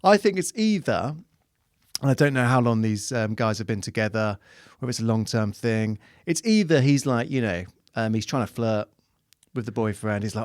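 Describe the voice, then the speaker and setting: A man's voice: mid-range voice, moderate pace, dry recording, clean studio sound. A man, a comedian guest on a chat podcast, telling rambling stories and acting out the people in them. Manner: rambling, animated storytelling with acted-out quotes.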